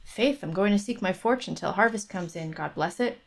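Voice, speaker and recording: A woman's voice: medium pitch, normal speed, vocal fry. A woman reading an eager young country lad. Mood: cheerful.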